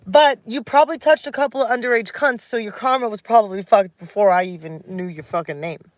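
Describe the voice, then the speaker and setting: Her voice is on the high side and fairly quick, captured in a dry recording. A woman in her thirties on a nighttime home livestream, she delivers a blunt, heated, swear-filled rant and coos to her dog in baby talk.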